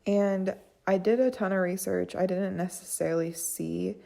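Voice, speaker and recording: A young woman giving a class presentation on phonology, unhurried and with frequent fillers. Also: medium pitch, fairly even intonation, gravelly, dark tone. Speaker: student presenter.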